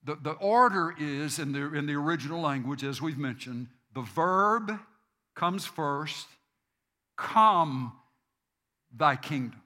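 A man preaching a sermon, slow and deliberate, repeating phrases for emphasis. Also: fairly high pitch, sharp tone. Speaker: pastor.

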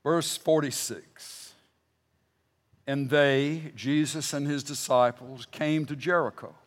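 A middle-aged man preaching a sermon, emphatic, rising to loud bursts and then dropping low and quiet when he reads scripture.

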